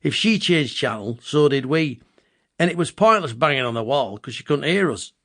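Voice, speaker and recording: A man in his fifties with a Bolton accent, reading his own comic memoir with wry, deadpan asides. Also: mid-range voice, moderate pace, dry recording, clean studio sound. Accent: Bolton, Lancashire. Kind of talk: comic memoir audiobook narration.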